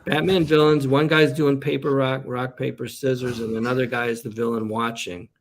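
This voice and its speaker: A man's voice: medium pitch, flat delivery, normal speed, slight background noise. A man, a comedian and actor, chatting as a guest in a casual interview and telling meandering stories.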